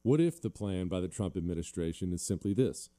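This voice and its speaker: A man's voice: deep voice, animated, a little fast, dark tone. A male talk show host delivering a combative, sarcastic monologue and reading listener emails.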